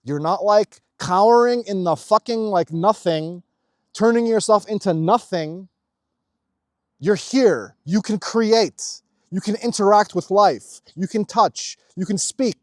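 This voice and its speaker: Young man, spiritual talk, emphatic and profane, fairly high voice, dry close sound. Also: no room sound. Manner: emphatic, swears freely, fast-shifting intensity. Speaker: spiritual video host. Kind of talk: casual spiritual monologue.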